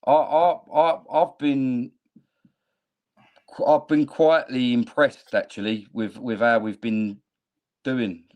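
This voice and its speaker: Casual caller, man, stammering, ordinary middle pitch. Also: steady tone, slow pace, pauses often, muffled recording. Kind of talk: casual call-in chat.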